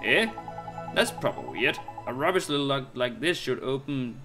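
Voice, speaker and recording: A man's voice: medium pitch, lively intonation, moderate pace, close to an everyday voice. A man voicing a chatty, blunt male fairy sidekick, talking in brash, slangy bursts over game music. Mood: puzzled.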